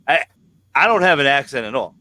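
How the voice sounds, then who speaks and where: A man's voice: medium pitch, lively intonation, a little fast, pushed and bright, dry recording. A man from New York with a New York accent, joking and swearing casually as host of a livestream chat.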